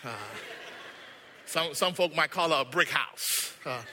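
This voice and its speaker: Preacher, male, high and sharp voice, dramatic storyteller, long hall reverb. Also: measured pace, slight background noise. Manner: dramatic, swinging from hushed to shouted. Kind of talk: sermon with storytelling.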